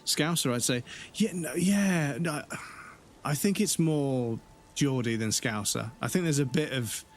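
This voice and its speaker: A man's voice: medium pitch, measured pace, a little hiss or hum. A man from the UK giving casual, rambling commentary while live-streaming a game, with many hesitations.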